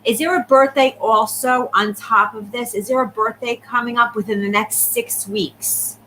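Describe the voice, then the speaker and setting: Fast-talking bright-voiced woman medium. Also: on the high side, fairly even intonation, a little hiss or hum, low-quality recording. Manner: rapid, repeatedly checking in with the sitter. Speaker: psychic medium. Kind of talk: live reading for viewers.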